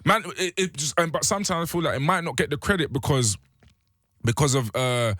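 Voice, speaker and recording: A young man with a London accent, talking in a radio studio interview, animated and slangy, repeating himself and jumping high when excited. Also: fairly quick, dry recording. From England. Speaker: guest rapper. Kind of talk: casual interview chat. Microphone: studio mic.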